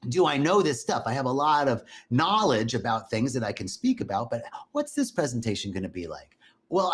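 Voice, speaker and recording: A man giving a conversational, animated spiritual talk in a live stream. He greets viewers by name between points. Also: mid-range voice. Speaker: spiritual teacher.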